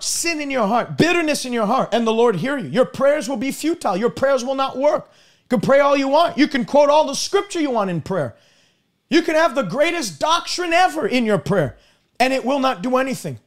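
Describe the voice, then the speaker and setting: A man with a strikingly high voice preaches with emphatic, repetitive force. He hammers each point with scripture and speaks straight to people watching online. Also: expressive, brisk. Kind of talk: streamed sermon.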